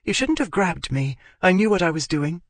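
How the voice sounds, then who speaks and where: Guy doing an earnest young country woman, pitched way up, very dry close sound. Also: big pitch swings, moderate pace, no room sound. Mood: anxious. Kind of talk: audiobook character voice.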